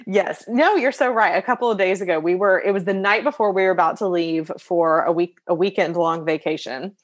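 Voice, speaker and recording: A woman guest on a podcast, telling an everyday story in an animated, expressive way and laughing often. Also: fairly low pitch, a little fast. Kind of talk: casual conversational storytelling.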